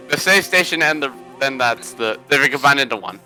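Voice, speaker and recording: A man with a very bright, forceful voice chats casually over a game stream. He explains game details and laughs often, with faint game music behind him. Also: mid-range voice, animated, normal speed, rough recording. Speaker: stream co-commentator. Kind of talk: casual chat over gameplay.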